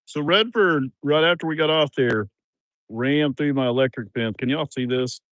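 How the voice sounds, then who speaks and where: A man, rambling casually on a livestream from a farm, with bursts of loud excitement. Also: mid-range voice, moderate pace, no echo. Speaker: livestream host.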